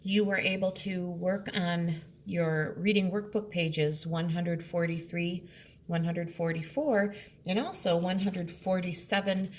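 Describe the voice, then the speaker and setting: A woman's voice: fairly low pitch, measured pace, a little hiss or hum. A woman teaching a remote classroom lesson from home, explaining patiently step by step.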